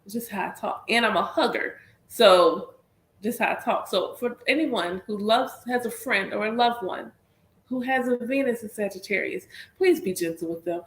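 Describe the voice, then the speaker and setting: Speaking at a normal pace in a mid-range voice, a Southern US woman hosts a livestream as a spiritual reader. Her talk is casual and circles back on itself, repeating points while she addresses everyone as y'all, all in a room with noticeable echo.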